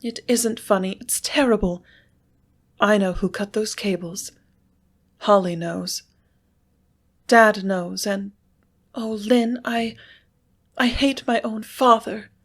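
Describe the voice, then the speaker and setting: A woman voicing a passionate young ranch woman in an audiobook, speaking in a tremulous, halting, breathless way. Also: medium pitch, fairly even intonation, pitched above the performer's own voice. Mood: whispered. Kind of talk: audiobook character reading.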